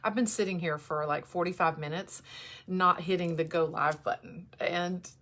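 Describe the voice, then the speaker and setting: A woman's voice: fairly low pitch, fairly even intonation, a bit bright. Emotional woman on a livestream. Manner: candid, emotional, halting with restarts. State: emotional, on the verge of tears. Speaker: host. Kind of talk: livestream talk to viewers. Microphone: camera in front of her.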